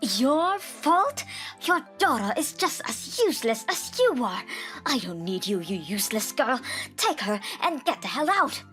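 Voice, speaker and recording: A woman voicing a cruel older mother-in-law who yells shrilly. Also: sing-song, normal speed, soft background music. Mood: screaming. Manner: shrill, yelling.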